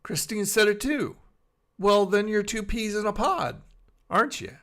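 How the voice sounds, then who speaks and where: A middle-aged man with a gravelly voice pitched a bit high talks to his live-stream viewers from bed. He rambles, reads out chat and answers people by name in a loose, chatty way. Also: unhurried, sharp tone. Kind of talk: casual live-stream chat, reading chat aloud. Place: in bed at home.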